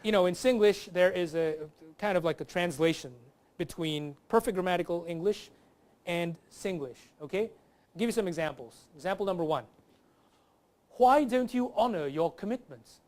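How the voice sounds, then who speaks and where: A man's voice: sits high, normal speed. A man, a comedian guest on a talk show, telling a lighthearted stand-up bit. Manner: lively, does accent impressions.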